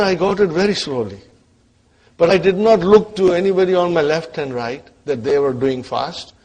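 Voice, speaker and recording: In an Arabic grammar class, a man with a slightly high, husky voice coaxes his students and checks in with them often. His voice fades quietly at the ends of phrases.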